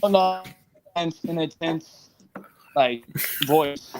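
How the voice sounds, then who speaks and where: Higher-pitched excitable man. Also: slow pace, noisy background. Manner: excitable, swears casually. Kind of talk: casual gaming stream chat.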